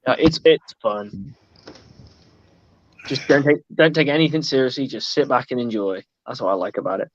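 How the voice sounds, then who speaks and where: A man's voice: medium pitch, normal speed, pauses often, no echo, lo-fi sound. A man hosting a casual livestream chat, joking and laughing as he talks over a video call. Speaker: host.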